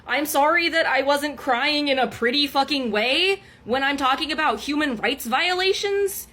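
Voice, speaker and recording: A woman's voice: high voice, moderate pace, pushed and bright. A young woman content creator in a heated, profane rant straight to her audience, exasperated and defiant. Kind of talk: angry direct-to-camera rant.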